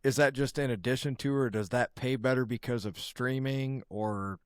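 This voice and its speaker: A man's voice: medium pitch, steady tone, clear, resonant tone, no room sound, studio quality. A man hosting a podcast, chatting casually and asking curious questions of his guest. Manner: curious, asks questions, quick reactions. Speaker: podcast host. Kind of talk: casual interview chat.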